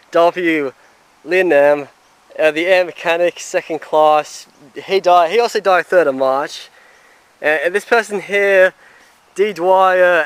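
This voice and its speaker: Slow, halting man reading graves aloud. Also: fairly high pitch, fairly bright tone, clean tone, dry recording. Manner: reads out grave inscriptions haltingly, with many pauses and fillers. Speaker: travel vlogger. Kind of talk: walking tour commentary. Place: outdoor cemetery.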